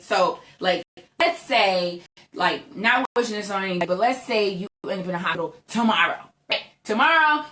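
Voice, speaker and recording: A woman's voice: medium pitch, a bit bright, roomy sound, a little hiss or hum. A young woman giving a chatty motivational talk to her viewers, emphatic and repeating "right?" constantly. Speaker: entrepreneur vlogger.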